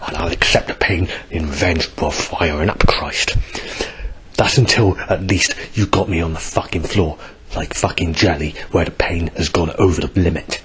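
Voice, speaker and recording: A man's voice: low voice, steady tone, normal speed, fairly bright tone, husky. A man in pain, rambling through a coarse and bitter personal video diary between coughs. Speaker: vlogger.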